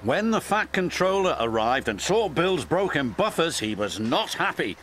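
A man narrating a children's railway story in an expressive, storytelling manner. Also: fairly high pitch, normal speed, a little hiss or hum. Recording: loud background music.

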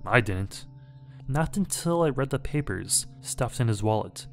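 A man reading a scary story aloud in a measured, dramatic way. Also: medium pitch, lively intonation, soft background music. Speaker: horror story narrator. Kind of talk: scripted horror story narration.

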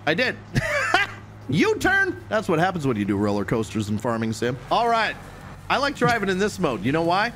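High, animated goofy gamer guy. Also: moderate pace, slight background noise. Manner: goofy, crude joking with sudden shouts. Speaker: gaming streamer. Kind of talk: casual gameplay commentary.

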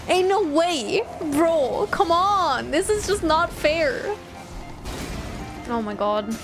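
A woman streaming a game, chatting casually, often laughing, tripping over words and yelling in frustration. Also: high voice, expressive, takes it slowly, music in the background. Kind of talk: casual live-stream chat.

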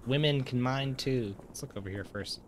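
A man's voice: medium pitch, normal speed, slight background noise. A man chatting casually and joking while playing a game with a friend. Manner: joking, animated. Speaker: gamer. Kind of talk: casual let's-play chat.

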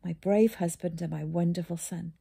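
A woman's voice: fairly low pitch, steady tone, normal speed, creaky, mellow, husky, full character voice. A woman voicing a cheerful mother who speaks in an upbeat, reassuring way.

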